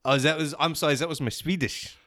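A man's voice: on the high side, steady tone, fast talker, fairly bright tone, no room sound, clean studio sound. A man improvising a disguised man who fakes an Austrian accent and insists he is a totally normal person. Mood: evasive. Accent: put-on German-style accent. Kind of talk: improvised comedy role-play.

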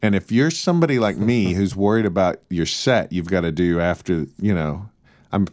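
A man's voice: low voice, normal speed, darkish tone, no echo. A man co-hosting a casual chat, telling humorous stories with a dry wit. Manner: dry humorous, storytelling, mock-announcer bits. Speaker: podcast co-host.

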